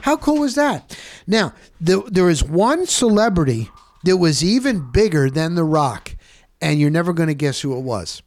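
A man hosting a show, telling a story in a casual, animated monologue and often jumping into high voices when he quotes people. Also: normal speed, no room sound. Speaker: host.

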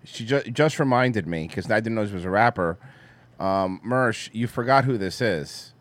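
A man's voice: lowish voice, expressive, normal speed, dry recording. A man co-hosting a podcast, bantering crudely and mocking a video clip he is reacting to. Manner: mocking, repetitive, talks over clips. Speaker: podcast co-host.

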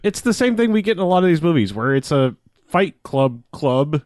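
A man's voice: a little high, sing-song, moderate pace, a little mellow, no room sound, studio quality. Laid-back man recapping a film. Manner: laid-back, rambling, laughs often. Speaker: podcast co-host. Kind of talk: casual movie recap chat.

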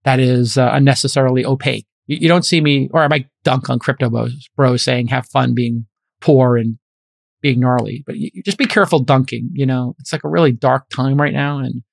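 A man's voice: medium pitch, fairly even intonation, fairly quick, creaky, dry recording, clean studio sound. A man in his fifties, an investor hosting a podcast, talking in a casual, emphatic and preachy way. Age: 50s. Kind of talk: casual chat.

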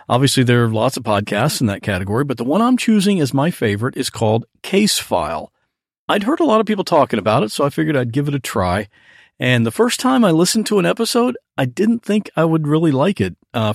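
A man's voice: mid-range voice, no echo, clean studio sound. A man leaving a recorded message for a podcast host, talking about a favorite show in a storytelling way. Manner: animated storytelling. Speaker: podcast guest caller.

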